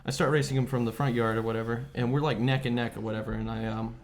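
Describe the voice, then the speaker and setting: A man's voice: mid-range voice, quick pace. A man hosting a casual podcast over beers, telling a story with lots of swearing and acted-out quotes. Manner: profane, animated storyteller who acts out quotes. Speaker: podcast host.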